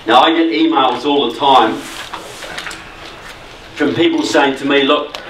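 A man's voice: medium pitch, a little slow, a bit bright, a little hiss or hum. A man from New Zealand with a New Zealand accent, giving a conversational but emphatic public talk as guest speaker. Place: meeting hall. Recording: echoey hall, mic from far off.

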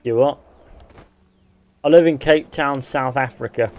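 English male game streamer, mixed Northern and West Country accent with a Midlands sound, mid-pitched, blunt and sweary, faint music behind. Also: unhurried. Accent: English, Northern and West Country mix with a Midlands sound. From England. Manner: blunt, sweary banter, reading viewer comments aloud. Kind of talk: casual live-stream chat while gaming.

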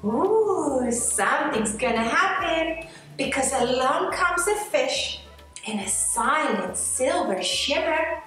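Teacher reading a picture book, expressive and slow, high voice, roomy sound with faint music behind. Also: female voice, recorded from a distance. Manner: expressive, sing-song storytime. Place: school. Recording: echoey room, faint music.

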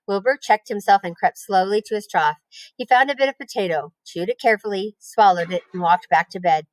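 A woman teacher reading a children's novel aloud in a gentle, unhurried storybook manner. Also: medium pitch, dry recording, low-quality recording.

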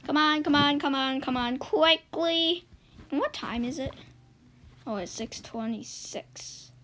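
High-voiced excitable woman gaming. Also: unhurried, slight background noise, poor audio. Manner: excitable, swings between loud yelps and low mutters. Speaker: gaming YouTuber. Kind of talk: let's-play game commentary.

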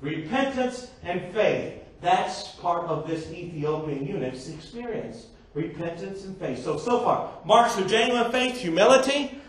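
A man with a fairly high, animated voice preaches to a congregation in a church sanctuary, unhurried yet with hardly any pauses. He poses rhetorical questions and slips in joking asides. The recording is echoey, picked up from far off in the church.

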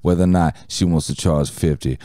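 A man playing a brash, crude late-night radio DJ in an improvised parody show, talking in loud, swaggering, vulgar jive banter. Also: extremely low pitch, fairly even intonation, a little fast, dry recording, clean studio sound.

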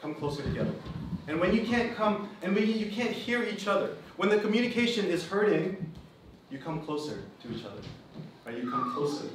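A man's voice: high voice, big pitch swings, a little fast. A man from the Philippines, preaching to a live group as pastor and host. He is emphatic and keeps repeating his key phrases. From Philippines (Kapampangan). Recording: echoey room, distant mic, background noise.

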